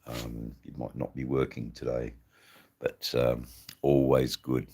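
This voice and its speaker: A man hosts a live stream and chats loosely with his viewers. His voice sits very deep, and he talks slowly, trailing off and restarting often. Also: level tone, gravelly, a little mellow, breathy edge. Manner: rambling, halting, many ums and restarts.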